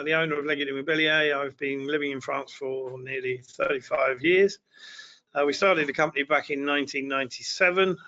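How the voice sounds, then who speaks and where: A man who owns an estate agency speaks on an online webinar panel. His voice is bright and slightly tense, and it stays level in pitch. He sounds plain-spoken and reassuring, over dull lo-fi audio.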